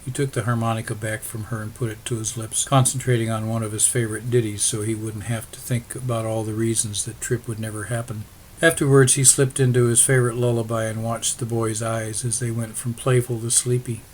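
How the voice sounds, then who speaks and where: A man reads a novel aloud in a steady, even storytelling manner. His voice is of ordinary pitch for a man. A faint noise sits beneath the recording. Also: a little fast. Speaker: audiobook narrator. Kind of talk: scripted narration.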